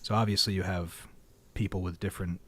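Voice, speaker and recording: A man's voice: sits low, fairly even intonation, fairly quick, a bit bright. A man streaming a game, rambling wryly to fill dead air into a studio microphone. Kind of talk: casual livestream chat. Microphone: studio mic.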